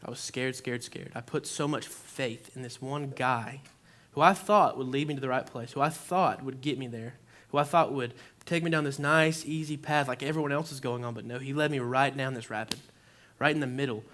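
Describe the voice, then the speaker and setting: A man's voice: mid-range voice, normal speed, hardly any pauses, a bit bright. A young man giving an informal sermon, telling a personal story in a conversational way, full of "like" and acted-out reactions. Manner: conversational, lots of "like", acts out his own reactions. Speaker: preacher. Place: church.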